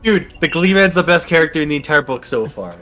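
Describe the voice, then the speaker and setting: A man co-hosting a casual podcast book chat, joking and swearing, sinking his voice low and quiet for punchlines. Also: expressive, quick pace, soft background music. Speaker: podcast co-host.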